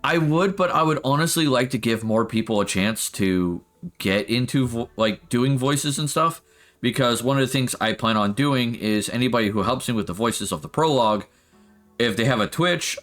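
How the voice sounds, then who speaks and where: Animated male streamer with lively pitch. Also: moderate pace, soft background music. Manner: animated, laughing, rambling. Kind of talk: casual live-stream chat.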